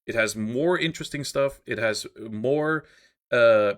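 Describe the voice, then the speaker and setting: A man's voice: medium pitch, a little slow. A man co-hosting a gaming podcast, giving opinions in casual chat with frequent fillers. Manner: opinionated, hesitant with many uh fillers. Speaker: podcast co-host.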